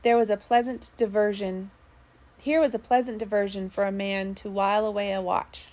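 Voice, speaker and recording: A woman's voice: medium pitch, normal speed. Woman reading an audiobook. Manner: steady storytelling with small slips. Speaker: audiobook narrator. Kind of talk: first-person audiobook narration.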